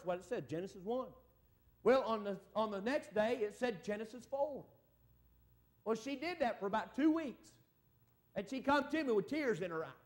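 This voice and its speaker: High-voiced preacher calling for amens. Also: male voice. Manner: folksy preaching with call-and-response amens. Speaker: evangelist. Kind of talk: revival sermon. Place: church service.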